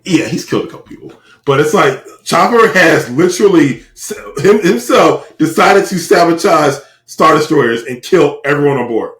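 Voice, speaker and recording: A man co-hosting a podcast in casual chat, with profane, animated banter. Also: a little high, normal speed, hardly any pauses, roomy sound. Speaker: podcast co-host.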